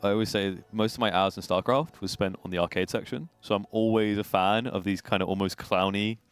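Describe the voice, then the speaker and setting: A man's voice: on the low side, fairly even intonation, brisk, smooth, no echo. A man co-casting a live game stream, chatting casually and joking with lots of fillers. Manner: jokey, rambling, lots of fillers. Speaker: co-caster. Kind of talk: casual chat.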